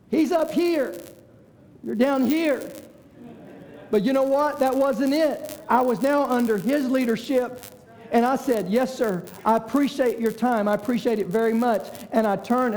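A man's voice: very high voice, creaky, a little mellow. A man, a pastor telling a personal story in a sermon in a folksy way, acting out the voices of the people he quotes. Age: 60s. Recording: long reverb of a large hall.

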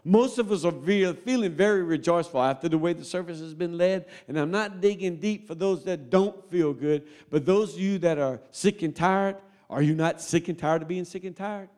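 A man preaching a sermon, folksy and close to tears, swinging between loud appeals and quiet asides. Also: high voice, moderate pace, hardly any pauses.

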